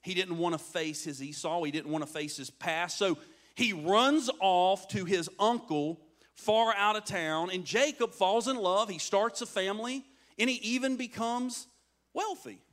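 A man's voice: high-pitched, measured pace, fairly bright tone. A man preaching a sermon, telling a story and acting out its voices, often turning to the crowd with questions. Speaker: pastor.

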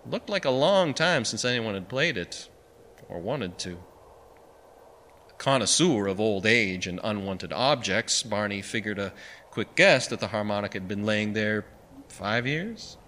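Guy reading a story, wry and dry, lively pitch, long echo. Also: unhurried, a little hiss or hum. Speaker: narrator. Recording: long reverb with faint music.

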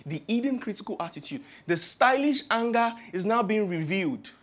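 A man with a Nigerian accent delivers a sermon in a high-pitched voice. He preaches with humor and rhetorical flair, stacking up long spoken lists. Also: expressive, normal speed, a bit bright.

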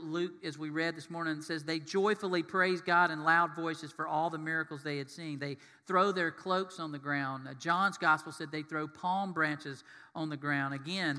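Man, pastor, lively sermon, acting out voices, very bright tone, echoing church hall. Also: a little high. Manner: animated storytelling, acting out voices.

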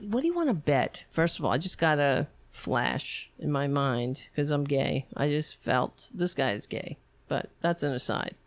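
A woman's voice: on the low side, no room sound. Scornful, foul-mouthed woman commentator. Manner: sarcastic, scornful, swears freely. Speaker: political commentator. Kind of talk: profane reaction commentary.

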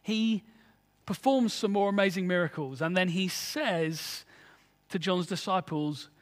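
A man's voice: high-pitched, a little slow, in a large hall. A man preaching a sermon in an earnest, conversational way, often asking his listeners rhetorical questions.

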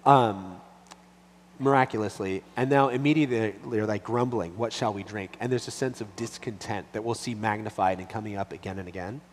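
A man, a pastor with a little boy, teaching from the Bible in a relaxed, conversational way, full of restarts and fillers. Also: lowish voice, brisk. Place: church hall. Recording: long reverb, faint hum behind.

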